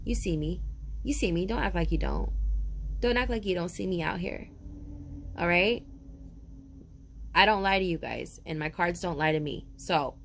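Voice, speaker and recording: Woman, tarot reader in a casual video. Chatty and animated, sure of herself, with mid-range pitch. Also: moderate pace, a little hiss or hum. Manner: animated, calls viewers baby and honey.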